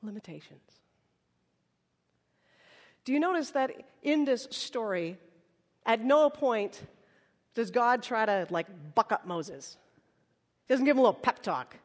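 A woman's voice: on the high side, animated, a little slow, pauses often. A woman preacher giving a conversational, humorous sermon, acting out little dialogues, in a large worship hall. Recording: reverberant hall.

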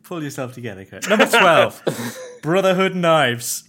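A man's voice: a little high, sing-song, normal speed, crowd noise. A man co-hosting a podcast, reading listener comments and making wry asides. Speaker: podcast co-host. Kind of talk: casual chat.

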